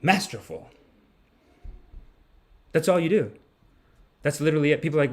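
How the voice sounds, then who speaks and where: A man's voice: on the high side, animated, moderate pace. A man hosting a comedic livestream, rambling in a mock-preachy, profane manner. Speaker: podcast host.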